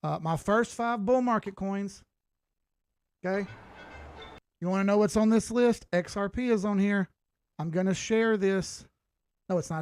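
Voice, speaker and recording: This crypto chart analyst, a man in his late thirties, hosts a livestream in an unhurried, casual way with long pauses. His fairly high voice is darkish and clean, his manner laid-back, blunt and full of swearing, captured dry and close without echo.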